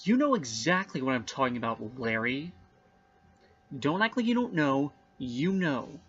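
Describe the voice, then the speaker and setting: A man doing a hurt, jealous director who accuses in overblown melodrama. The delivery is slow, with a lively, swooping pitch. The sound is dull and lo-fi. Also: a little hiss or hum. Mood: accusing. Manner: melodramatic, accusing, rising to shouts. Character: jealous male film director, accusing and dramatic.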